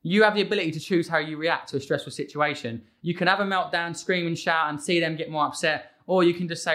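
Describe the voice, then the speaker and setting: A man in his thirties, a fitness coach talking as a podcast guest, energetic with quick restarts and repeated words. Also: fairly high pitch. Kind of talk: casual podcast conversation.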